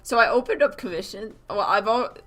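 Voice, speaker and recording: An artist streamer chats casually while drawing on a live stream, rambling and animated, laughing often and saying "like" constantly. Her mid-range voice runs a little fast.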